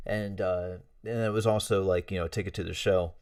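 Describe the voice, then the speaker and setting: A man's voice: sits low, steady tone, fairly quick, few pauses, a little mellow, clear, resonant tone, no room sound, studio quality, distant mic. A man hosting a casual livestream, chatting with viewers in a rambling, friendly way with many fillers and chuckles. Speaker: livestream host. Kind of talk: casual livestream chat reading out chat messages.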